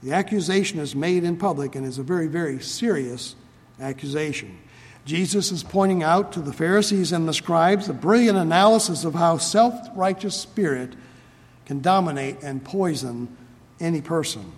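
A man preaching an expository sermon, reading scripture aloud and explaining it earnestly, slowing down to stress key phrases. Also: a little high. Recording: long hall reverb.

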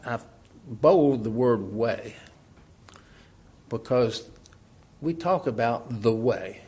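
A middle-aged man preaching in a relaxed, conversational way, laughing often and asking rhetorical questions. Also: medium pitch, slightly rough. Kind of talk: sermon.

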